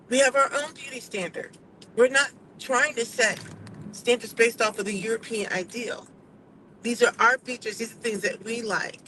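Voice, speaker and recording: A woman vlogger talking casually to camera, giving her opinions in an animated, emphatic and sassy way. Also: fairly high pitch, a little hiss or hum, rough recording.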